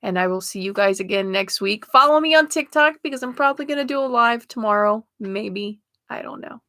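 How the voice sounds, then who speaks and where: A woman's voice: a little high, fairly quick, bright, forceful tone, dry recording, clean studio sound. A woman hosting a spiritual livestream, chatting casually with viewers while she reads oracle cards and laughs often. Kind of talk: casual live chat reading oracle cards.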